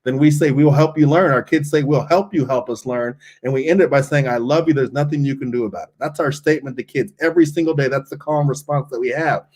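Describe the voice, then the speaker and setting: A man's voice: medium pitch, fast talker, few pauses, darkish tone. A middle-aged man, a school principal, speaking earnestly in a podcast interview and often repeating words as he starts a thought.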